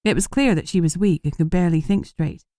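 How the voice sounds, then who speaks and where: Low, mellow woman audiobook narrator. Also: quick pace, no echo, studio quality. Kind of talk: scripted first-person narration.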